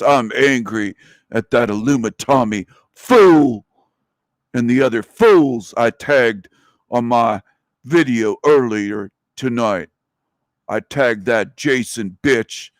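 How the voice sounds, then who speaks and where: A man voicing an angry, boastful adult man who shouts insults in heavy slang. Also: medium pitch, dry recording, lightly acted.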